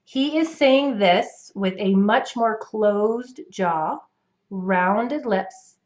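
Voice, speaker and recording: A woman with a North American English accent, explaining accent practice clearly and patiently to the camera as a coach. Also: medium pitch, very slow, a little mellow, dull audio.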